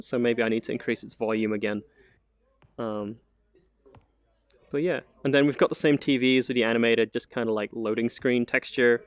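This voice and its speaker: A man giving a casual, chatty live-stream tour of a virtual apartment he built, with lots of fillers and frequent laughs. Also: mid-range voice. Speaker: community manager giving a VR tour.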